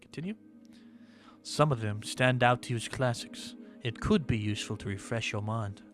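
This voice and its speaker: A man playing a game demo who reads its narration aloud and breaks off into quick, dramatic reactions. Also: medium pitch, soft background music. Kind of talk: let's-play commentary, reading game text aloud.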